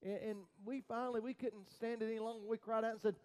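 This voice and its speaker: A man with a high voice for his sex preaches a sermon as pastor. He tells the story dramatically, stumbling into repeated restarts, and his voice rises to loud cries before dropping to near-whispers. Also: flat delivery, fast, hardly any pauses, clean tone, low-quality recording.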